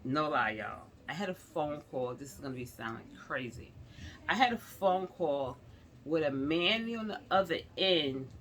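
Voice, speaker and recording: A woman's voice: deep voice, animated, measured pace, fairly bright tone, slight background noise. A woman vlogger chatting to her viewers in a rambling storytime, often calling them y'all.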